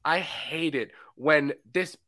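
A man co-hosting a casual movie podcast, animated and laughing often as he acts out scenes. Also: fairly high pitch, takes it slowly. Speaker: podcast co-host.

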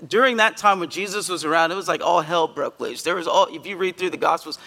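A male pastor giving a conversational sermon in a church, earnest and emphatic, with sudden loud bursts. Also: high voice, fast talker, big-room sound. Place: church sanctuary.

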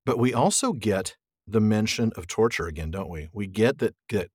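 Husky guy on a book podcast, really lively voice, dry sound. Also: lowish voice, moderate pace, no echo. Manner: enthusiastic, reads passages aloud. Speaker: podcast co-host. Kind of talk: casual book discussion.

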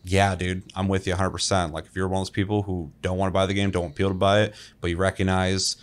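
A man's voice: low voice, flat delivery, fast. A man co-hosting a casual gaming podcast, talking loosely with fillers and the odd swear. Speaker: podcast co-host. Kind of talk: casual chat.

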